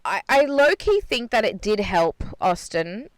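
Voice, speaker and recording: A woman's voice: mid-range voice, sing-song, unhurried, no room sound. A woman podcast co-host telling a story in casual chat, swearing freely and retelling things with energy, recorded inside a parked car.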